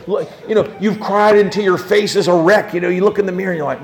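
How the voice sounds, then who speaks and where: A man preaching a sermon, dropping to soft low asides and then climbing into impassioned cries as he acts out prayers. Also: quick pace, few pauses. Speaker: pastor.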